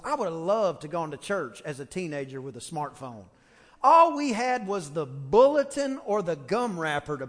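A man preaching a storytelling sermon, animated, acting out the voices of others and shouting for emphasis. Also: sits high, big-room sound. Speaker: pastor. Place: church sanctuary.

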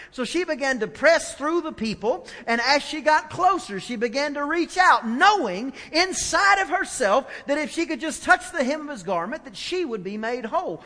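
A male pastor preaching a sermon, swinging from soft asides to loud, emphatic declarations. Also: extremely high pitch. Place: church sanctuary. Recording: long church reverb.

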